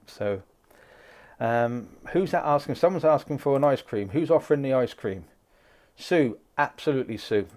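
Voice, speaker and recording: Casting: male live-stream host, mid-pitched, chatty and rambling. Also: lively intonation, normal speed, darkish tone. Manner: chatty, greets viewers by name, rambling asides. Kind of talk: casual live-stream chat reading out viewer comments.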